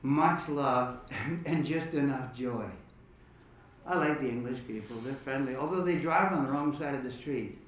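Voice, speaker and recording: A man's voice: medium pitch, moderate pace, a little hiss or hum. A man hosting a musical program, chatting and joking casually with the audience in a parlor. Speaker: musical entertainer and host. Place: echoey parlor room. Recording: roomy echo from a distant mic, guitar.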